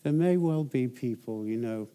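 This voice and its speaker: A man's voice: expressive, normal speed, dark tone, clear, resonant tone. A man preaching a sermon as a guest pastor, telling Bible stories emphatically. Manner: storytelling, emphatic, rises in pitch for emphasis.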